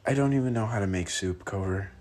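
A man's voice: on the low side, fast talker, darkish tone. A young man filming a casual vlog, playful and giggly, swearing often as he talks. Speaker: vlogger.

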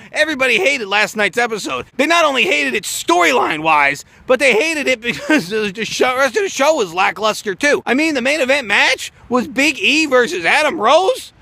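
A man's voice: very high-pitched, animated, normal speed, gravelly, pushed and bright, dry recording. A man ranting profanely outdoors in the snow, reacting to a wrestling show in a heated vlog. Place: outdoors in snowfall.

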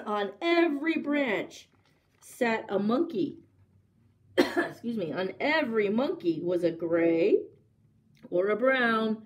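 Slow, expressive woman reading story time. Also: fairly high pitch. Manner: slow, expressive, asks young listeners questions. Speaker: children's librarian. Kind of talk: story time read-aloud.

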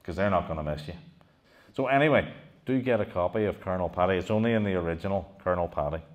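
A middle-aged man with a very low voice, lecturing a live audience. He talks with animation, throws questions out to the listeners and keeps doubling back on his own phrases. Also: fast talker. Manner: animated, rhetorical questions, frequent restarts. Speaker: lecturer giving a museum talk. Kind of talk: public history talk to an audience.

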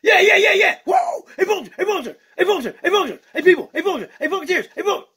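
A man voicing an excitable, boastful male bird puppet with no wings, talking in jive slang. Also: extremely high pitch, fast, pitched above the performer's own voice, heavily acted. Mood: hyper. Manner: hyper, shouty, boastful. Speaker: puppet sidekick.

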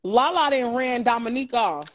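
A woman's voice: a little high, animated, normal speed, a little hiss or hum. A woman co-hosting a live stream, gossiping in a blunt and profane way. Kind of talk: casual live stream chat.

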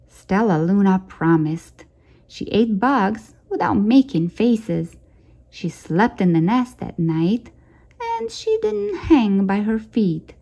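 A woman hosting a storytime channel, reading a children's picture book aloud in a gentle, expressive way. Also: mid-range voice, highs cut off. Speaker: storytime host.

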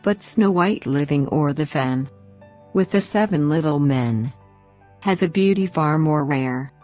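A woman's voice: low-pitched, a little mellow, faint music behind. A woman doing a solemn magic mirror. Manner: measured, rhyming. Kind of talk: storybook read-aloud.

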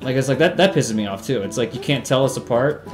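A man's voice: medium pitch, expressive, fast talker. A young man doing casual, profane, sarcastic commentary while playing a video game. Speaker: let's play host. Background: game music.

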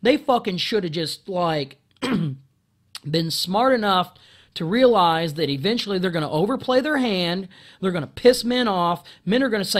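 A man's voice: high-pitched, animated, unhurried. Man ranting angrily, heavy profanity. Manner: profane, stammering restarts, frequent throat-clearing; rising loud outbursts. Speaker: video commentator. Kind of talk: angry monologue rant.

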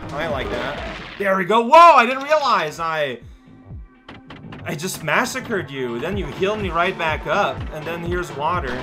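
Goofy, high-voiced man narrating gameplay. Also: normal speed. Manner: rambling, goofy, excitable. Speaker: let's play host. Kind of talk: casual gameplay commentary. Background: game music.

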